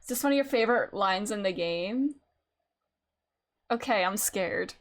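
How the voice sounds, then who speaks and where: A woman streaming a game, chatting casually in an excitable, giggly way and quick to apologize. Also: medium pitch.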